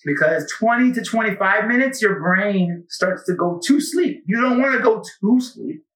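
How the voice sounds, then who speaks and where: A man's voice: high-pitched, normal speed. Rambling man in an echoey room. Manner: rambling, animated storytelling with many asides. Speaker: podcast host being interviewed. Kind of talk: casual conversation. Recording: echoey room, mic at a distance.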